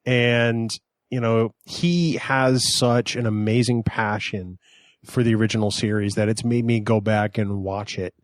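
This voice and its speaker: Low-voiced male podcast host, dry sound. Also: steady tone, measured pace, no room sound. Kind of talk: casual chat.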